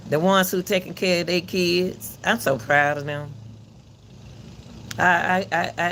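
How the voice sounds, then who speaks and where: A man with a fairly high pitch talks straight to his viewers in the booming, projected voice of a coach. His casual commentary turns emphatic and preachy, with phrases said twice for weight. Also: bright, forceful tone, slight background noise. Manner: emphatic and preachy, with repeated words. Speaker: channel host commenting on a court case.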